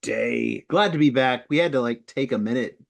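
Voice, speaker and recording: A male podcast co-host chatting casually, laid-back and quick to laugh. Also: medium pitch. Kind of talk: casual chat.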